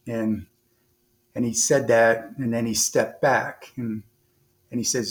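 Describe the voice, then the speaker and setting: Taking his time and pausing often, this former naval officer speaks in a medium-pitched voice as a podcast guest. His long, earnest story rambles through restarts and fillers, animated by quoted dialogue.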